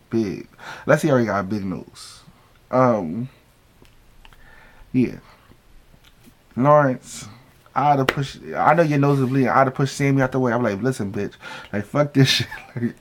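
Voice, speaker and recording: Profane gossipy man recapping a show. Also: mid-range voice. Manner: acts out quoted lines. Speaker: reality show reviewer. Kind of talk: casual recap vlog.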